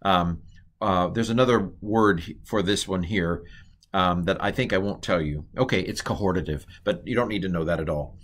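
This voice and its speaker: Low-voiced man teaching a lesson. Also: a bit bright. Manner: rambling, self-correcting, quizzes listener with questions. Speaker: Hebrew teacher. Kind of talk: recorded lesson.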